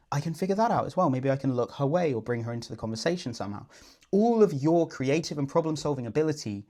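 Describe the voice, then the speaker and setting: A man's voice: medium pitch, a little mellow. A man working as a dating coach, talking through his advice in an earnest, explanatory, conversational way. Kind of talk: coaching breakdown voice-over.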